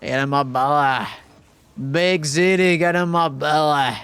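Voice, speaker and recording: A young man doing a booming, exaggerated impression of a gruff male ogre with a thick brogue. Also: measured pace, fairly bright tone. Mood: gloating.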